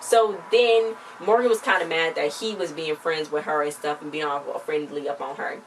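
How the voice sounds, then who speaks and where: A woman's voice: sits low, fairly even intonation, moderate pace. A young woman in a casual review, rambling through a TV episode and slipping into playful quoted voices. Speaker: TV show reviewer. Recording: distant mic, faint background noise.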